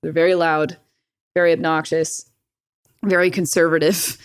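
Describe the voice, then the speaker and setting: A woman's voice: deep voice, flat delivery, moderate pace, clear, resonant tone, dry recording, studio quality. A young woman, a podcast guest, telling a personal story in casual talk, swearing freely and laughing often.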